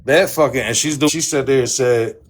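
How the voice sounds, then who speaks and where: A man's voice: medium pitch, steady tone, a little fast, a little hiss or hum. Angry profane man ranting on a livestream. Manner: heated, profane, repetitive. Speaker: livestream host.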